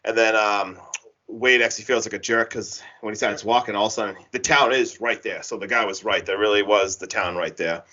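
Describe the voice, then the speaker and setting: A man casually retelling a horror film's plot on a podcast, rambling and animated with lots of filler words. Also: lowish voice, a little fast. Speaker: podcast co-host recapping a horror film. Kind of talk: casual chat. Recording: dull lo-fi podcast audio.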